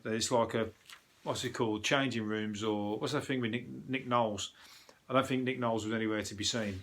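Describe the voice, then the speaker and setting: A man's voice: fairly low pitch, fairly bright tone. A man from Birmingham with a Birmingham accent, a comedian hosting a casual comic news review in a rambling, sweary, scornful way. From Birmingham, England. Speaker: comedian host.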